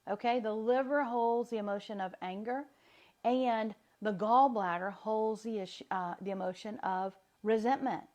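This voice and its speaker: A woman's voice: a little high, normal speed, a little mellow, highs cut off. A woman with a light Southern accent, giving a chatty, upbeat live talk as a wellness coach. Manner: chatty, upbeat, laughs often.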